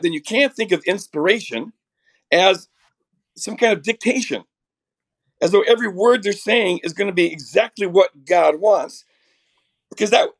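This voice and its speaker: A middle-aged man with a raspy voice from a chest cold, earnestly explaining theology as a podcast guest, restarting his sentences often. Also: sits high. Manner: earnest, builds ideas with many restarts.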